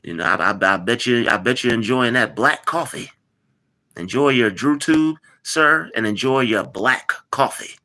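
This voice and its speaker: A live-streaming man speaks in a mid-range voice with lively intonation and a sharp tone, going a little slowly. Casual and teasing, he responds to his chat and repeats himself often.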